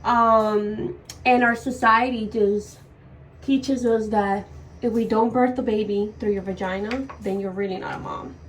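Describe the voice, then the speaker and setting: A woman's voice: medium pitch, steady tone, unhurried. A young woman telling her birth story in a casual, emotional vlog while doing her makeup, swearing now and then. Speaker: vlogger. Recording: voice a bit far from the mic, faint noise.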